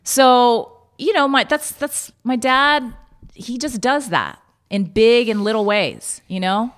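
A woman telling a personal story in a candid, halting way, with many restarts. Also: a little high, animated.

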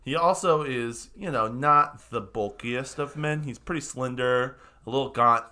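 A man's voice: medium pitch, a little slow, sharp tone. A man narrating as game master of a tabletop game, casual and full of fillers.

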